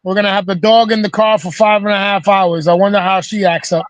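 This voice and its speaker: High-voiced man telling a profane story. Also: level tone, fairly quick, no room sound. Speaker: host. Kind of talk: casual storytelling on a video call. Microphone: video call mic.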